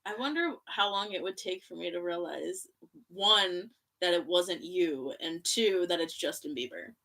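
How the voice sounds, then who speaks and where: Woman co-host, casual chat, hesitant, filler-heavy, bright tone, a little off-mic. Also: lowish voice, unhurried, gravelly, far from the mic. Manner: hesitant, many fillers like "like" and "I don't know". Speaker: co-host, host's wife.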